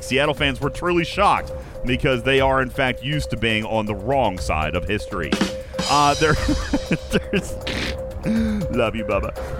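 A man's voice: medium pitch, measured pace. A man hosting a live stream, reading comedic news and joking with friends in a playful, teasing way. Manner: playful, joking, animated, drifts into silly asides. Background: music playing behind.

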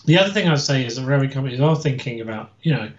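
A man's voice: mid-range voice, animated, rapid-fire. A man co-hosting a casual history chat, talking hesitantly with many fillers and restarts. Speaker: co-host, history researcher. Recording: echoey room, dull lo-fi sound.

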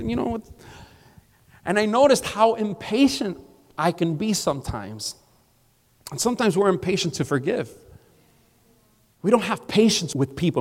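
A pastor from South Florida preaching a sermon as a relaxed, conversational story. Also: male voice, a little high. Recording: long hall reverb.

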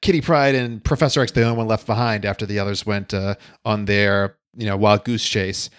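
A man's voice: lowish voice, fairly even intonation, a little fast, clean tone, no echo, studio quality. A man co-hosting a casual chat, chatty and rambling with many fillers and restarts, laughing often. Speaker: podcast co-host.

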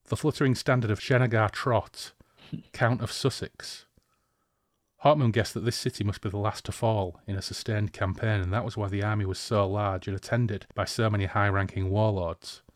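A man talking through a fantasy novel with chatty enthusiasm, switching between reading and commentary. His voice sits fairly low and sounds dry and close to the mic. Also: no room sound. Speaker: podcast co-host. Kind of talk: book discussion and reading aloud.

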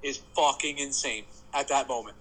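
A man in casual podcast chat, ranting excitably with constant swearing. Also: mid-range voice, moderate pace, poor audio. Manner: heated, profane, excitable ranting. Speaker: podcast co-host, sports fan.

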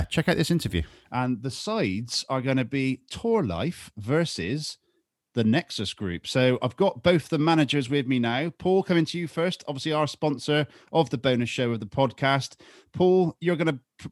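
A man's voice: medium pitch, dry recording, studio quality. A man from England hosting a football podcast, talking casually with many fillers. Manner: relaxed, filler-heavy delivery. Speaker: podcast host.

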